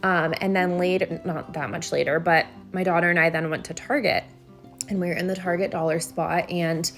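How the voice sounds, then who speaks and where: Earnest rambling woman, lowish voice. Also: fairly even intonation, brisk, soft background music. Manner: rambling, earnest, restarts often. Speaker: vlogger. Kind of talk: casual voiceover. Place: home.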